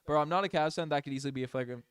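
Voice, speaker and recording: A man streaming fan play-by-play of a basketball game, excitable and openly partisan, talking to his chat. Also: fairly high pitch, rapid-fire, clear, resonant tone, no echo. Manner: excitable, biased home-team fan chatting with his chat. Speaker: streamer doing live play-by-play. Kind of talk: fan play-by-play livestream commentary.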